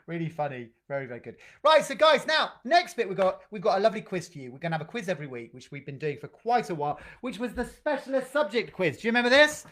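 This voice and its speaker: An adult leads an online drama session with upbeat praise and loose, improvised links. The voice sits in a middle pitch. It comes through a video call. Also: very animated, fast, hardly any pauses, fairly bright tone. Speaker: drama group leader.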